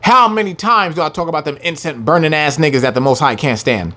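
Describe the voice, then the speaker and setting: A man teaching a scripture lesson, reading the verses slowly with heavy emphasis and taunting his listeners in brash, profane language. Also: high-pitched, animated, pushed and bright.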